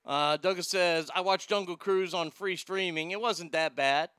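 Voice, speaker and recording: A man hosts a talk podcast with a bright, forceful voice that is smooth and resonant. He reads listener comments and rants bluntly with plenty of swearing, jumping from loud outbursts to low muttering. The sound is dry and close. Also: moderate pace, dry recording. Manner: blunt, profane ranting. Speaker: podcast host. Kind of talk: casual chat reading listener comments.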